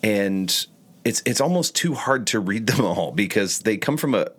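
A man's voice: fairly low pitch, animated, normal speed, fairly bright tone, husky. A man co-hosting a podcast in casual chat, talking in a thoughtful way with searching restarts. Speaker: podcast co-host.

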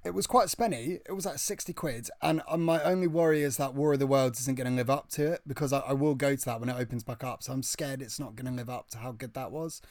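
A man with a British accent telling a story in casual chat, excitable and breathless, often restarting his sentences. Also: medium pitch, fast, few pauses, no room sound.

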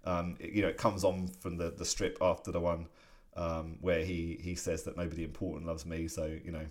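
Very deep-voiced man recapping comics. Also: brisk. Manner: animated recapping of comic strips, breaking into laughter. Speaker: podcast co-host. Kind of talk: casual podcast chat.

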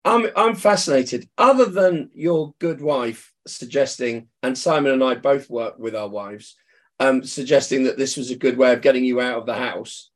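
A man's voice: medium pitch, moderate pace. A man co-hosting a podcast, asking questions and teasing his guest with self-deprecating banter. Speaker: podcast co-host. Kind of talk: casual podcast interview.

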